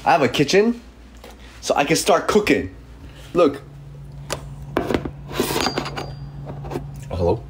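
A man's voice: fairly high pitch, very animated, extremely slow, long pauses, background noise. A young man in his twenties with a cold, joking casually while reading chat on a livestream in his room. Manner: playful, jokey, reacting to comments. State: sniffly with a cold. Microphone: desk mic.

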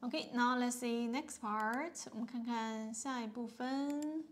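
A woman with a Chinese accent teaching a beginner lesson, patiently repeating words and filling pauses with "yeah" and "okay". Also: fairly high pitch. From China.

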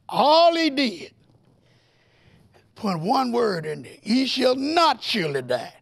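Teaching a Bible lesson on television, this male preacher has a strikingly high, gravelly voice with a fried edge. He speaks slowly with long pauses, presses his points hard, fires rhetorical questions at viewers, and climbs to excited, nearly shouted peaks.

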